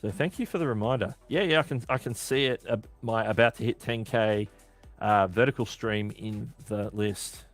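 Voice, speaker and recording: A man's voice: lowish voice, normal speed, soft background music. An Australian man hosting a casual live-stream Q&A, chatty and often correcting himself mid-sentence. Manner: chatty, self-correcting, answering chat questions. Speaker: livestream host.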